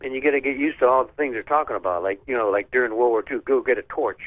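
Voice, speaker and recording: A man's voice: medium pitch, very fast, no room sound. Older man on a tinny phone line. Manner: loose, offhand, swears casually. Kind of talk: casual chat. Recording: thin phone-line sound.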